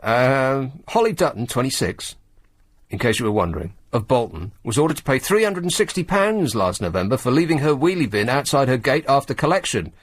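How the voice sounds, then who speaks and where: A male talk radio host, reading out news items and mocking them with rambling, sarcastic asides. His pitch rises and falls a lot as he talks. The sound is dry and close to the mic. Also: very animated, brisk, slightly rough, dry recording. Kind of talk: late-night radio monologue. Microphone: studio microphone.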